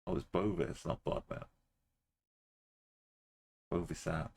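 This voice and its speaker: A man's voice: low voice, big pitch swings, a little slow, creaky, long pauses, a little mellow, slight background noise. A man streaming a geography game, muttering and thinking aloud in casual commentary, sometimes humming to himself.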